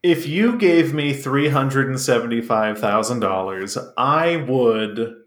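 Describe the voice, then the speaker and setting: A man's voice: medium pitch, animated, slow pace. A man co-hosting a comedy podcast, riffing playfully on absurd ideas. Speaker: podcast co-host. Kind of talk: casual comedic banter. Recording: echoey room.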